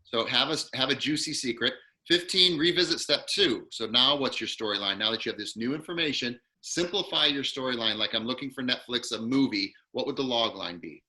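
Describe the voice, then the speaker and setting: Bright-voiced man coaching an acting class. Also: medium pitch, lively intonation. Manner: quick, encouraging teacher walking a student through numbered steps. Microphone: video call.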